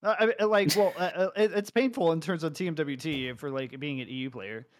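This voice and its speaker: An American man on a podcast, teasing and animated in casual chat. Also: fairly high pitch, a little fast. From United States. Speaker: podcast co-host.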